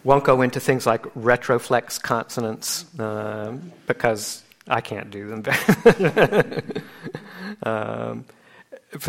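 A man of middle pitch teaches in a relaxed way, with many fillers and small laughs. He slows down to act out syllables and sounds. It is an informal class, not a polished talk. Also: creaky. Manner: patient, loose, with fillers and chuckles, demonstrating sounds. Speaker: teacher of Pali chanting.

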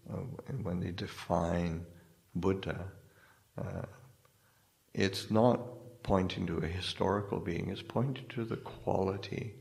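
Man, Buddhist monk, deep voice, slow delivery, hesitant, searching for words, dharma talk. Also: steady tone, vocal fry, a little mellow. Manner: halting, searching for words, many restarts. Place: hall in a spiritual society.

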